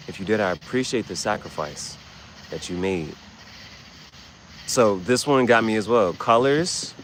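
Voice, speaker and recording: A man hosting a livestream, giving casual, rambling, slangy commentary with sudden loud, excited bursts. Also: on the low side, slight background noise, poor audio. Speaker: livestream host.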